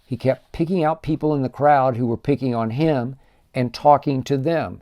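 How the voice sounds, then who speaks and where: Emphatic older sports host, mellow tone. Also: male voice, mid-range voice, normal speed. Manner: emphatic, builds lists of punchy superlatives. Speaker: sports talk show host. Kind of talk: solo sports commentary monologue.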